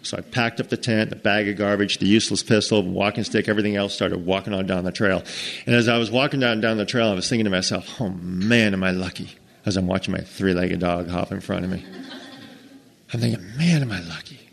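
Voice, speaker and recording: A man's voice: on the low side, fast talker, gravelly. An American man telling a comic camping story to an audience, acting out the characters and sounds as he goes. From United States. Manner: animated, acts out every character and sound.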